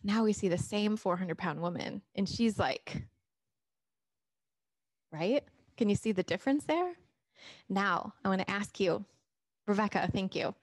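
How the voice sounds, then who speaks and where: On a live stream, a middle-aged woman who coaches weight loss speaks casually, reads viewer comments aloud, and often restarts sentences. She uses a camera mic, and her medium-pitched voice moves at a moderate pace in a dry, studio-quality recording.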